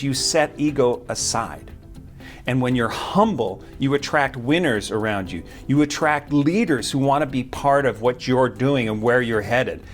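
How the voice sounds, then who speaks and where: A man speaking straight to the camera with short, punchy motivational points. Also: mid-range voice. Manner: crisp, punchy short statements. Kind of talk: direct-to-camera motivational talk. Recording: faint music underneath.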